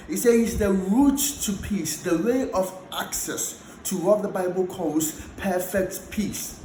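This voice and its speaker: A man's voice: sits high, a little mellow, echoey room, slight background noise, low-quality recording. A man preaching a sermon and teaching a Bible passage, repeating key phrases for emphasis.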